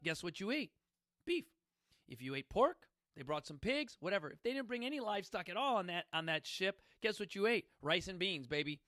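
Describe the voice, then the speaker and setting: A man's voice: sits high, sharp tone, dry recording, clean studio sound. A middle-aged man hosting a podcast, telling stories in a casual, emphatic, folksy way and often asking listeners questions. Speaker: podcast host. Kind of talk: casual storytelling talk.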